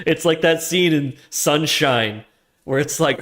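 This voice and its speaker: A man streaming himself coding a trading tool, chatting loosely with slang and laughs, then muttering quietly to himself as he works. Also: mid-range voice, measured pace. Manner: slangy, with laughs between phrases. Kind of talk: casual live-coding chat.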